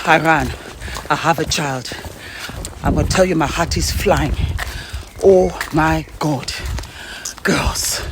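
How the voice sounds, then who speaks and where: A woman vlogger, out of breath and shaken, telling an excited story while walking outdoors, stumbling and repeating her words. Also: sits low, background noise.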